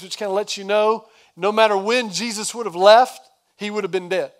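A high-voiced male pastor gives a sermon, retelling the story conversationally and casually with quick asides.

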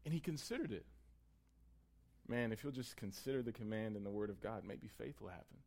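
A man preaching a sermon in a conversational way. He builds to emphatic peaks and then drops to a quiet, close tone. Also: lowish voice, fast talker, creaky. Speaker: pastor.

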